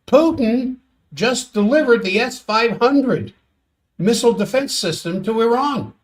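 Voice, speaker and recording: A man hosting a solo world-affairs commentary stream, sardonic and exasperated as he reads out quotes and reacts. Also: high voice.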